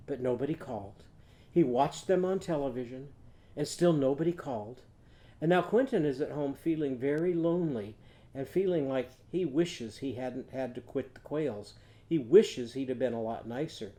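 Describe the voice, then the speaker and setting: A male teacher leads a children's phonics lesson, gentle and patient as he tells a story and leads slow songs for the class to repeat. His voice sits a little high and sounds soft and mellow.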